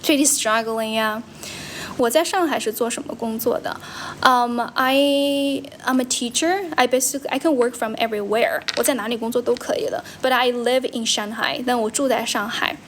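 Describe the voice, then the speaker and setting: Young chinese woman livestreaming, kinda high voice, a bit of hiss behind. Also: normal speed. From China. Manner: switches between English and Mandarin, repeats and self-corrects. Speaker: livestream host, English teacher. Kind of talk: casual livestream chat answering comments. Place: friend's house.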